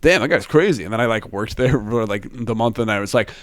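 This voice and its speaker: A man's voice: fairly low pitch, animated, fast, no echo. Rambling young man telling stories, dry sound. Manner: rambling storyteller, many fillers and restarts. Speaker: podcast host. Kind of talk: casual chat.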